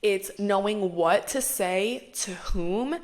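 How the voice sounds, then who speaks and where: A woman's voice: medium pitch, slow pace. Casual young female podcast host, chatty, filler-heavy, mid-range voice.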